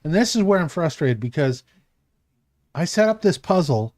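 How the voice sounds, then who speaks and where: A man's voice: fairly high pitch, sing-song, moderate pace, a little mellow, no room sound. A man running a tabletop game as game master, narrating in a meandering, self-correcting way.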